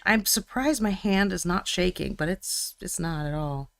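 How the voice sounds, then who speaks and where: Lowish, gravelly woman, chatty and teasing, co-hosting a casual painting stream. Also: normal speed, fairly bright tone. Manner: chatty and teasing, often laughing. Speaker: co-host of a live mini painting stream. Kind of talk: casual chat while painting.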